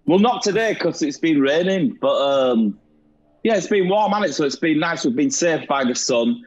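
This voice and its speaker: A man's voice: on the high side, expressive, moderate pace. A man who is a podcast guest on a video call, talking in a dry, matter-of-fact way. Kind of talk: casual chat over video call. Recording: dull video-call audio.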